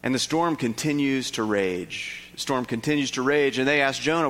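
A man preaching a sermon, stirred and lively, asking his listeners rhetorical questions. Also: moderate pace, hardly any pauses, big-room sound. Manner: animated, rhetorical questions, rising pitch when stirred. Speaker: pastor.

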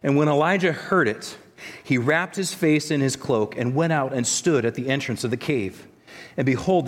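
A man's voice: a little high, a bit bright. A man preaching a sermon in a conversational way, with frequent restarts and asides. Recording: long echo of a large hall.

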